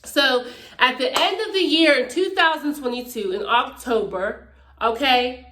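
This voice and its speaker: A woman's voice: sits high, unhurried, echoey room, background noise. A woman from Pittsburgh talking casually and emphatically to her vlog viewers, often checking in with "okay?". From Pittsburgh, Pennsylvania, USA. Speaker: YouTuber. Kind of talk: casual faith testimony vlog.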